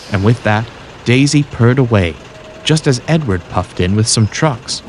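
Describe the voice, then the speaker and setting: A man narrating a children's storybook in a scripted, expressive way. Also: mid-range voice, a little slow, a little hiss or hum. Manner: expressive, voices every character. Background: music.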